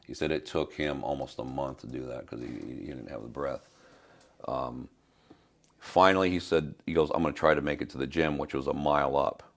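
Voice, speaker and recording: A man's voice: a bass voice, moderate pace, gravelly. An older man from Spain, a fitness trainer telling a story in an interview, rambling with fillers and restarts. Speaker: fitness trainer, podcast guest.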